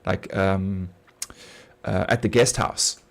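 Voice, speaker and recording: A man's voice: deep voice, fairly even intonation, takes it slowly, vocal fry. A middle-aged man from South Africa with a South African accent, chatting casually on a game stream, rambling with lots of fillers and laughing often. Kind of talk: casual gaming chat.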